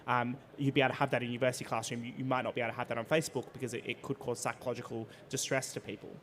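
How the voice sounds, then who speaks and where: A man moderates a conference panel, talking at a brisk clip. He often restarts his sentences. A faint hiss sits behind his voice. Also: medium pitch, level tone, fairly bright tone. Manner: quick, conversational, with frequent restarts. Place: conference venue.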